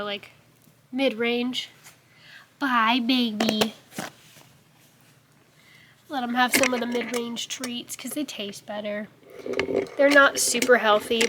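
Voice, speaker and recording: A woman's voice: a bit bright, a little hiss or hum, low-quality recording. Chatty young woman vlogging at home. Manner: talks sweetly to her cats in a high baby-talk voice. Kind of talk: casual vlog chat. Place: home room.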